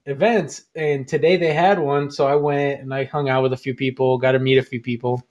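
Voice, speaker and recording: A man's voice: mid-range voice, steady tone, brisk, a little mellow. A man co-hosting a casual podcast, retelling a story with lots of laughter and filler words. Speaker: podcast co-host.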